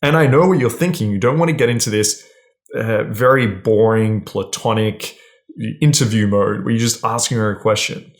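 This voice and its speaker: A man's voice: fairly low pitch, moderate pace. A man giving casual, blunt dating advice straight to camera, swearing freely and often checking in with "right?". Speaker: dating coach.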